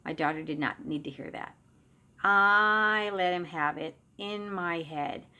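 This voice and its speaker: A woman's voice: on the low side, a little slow, pushed and bright. A middle-aged woman and psychic medium telling a personal story in a casual, conversational way, often restarting sentences and trailing off into asides.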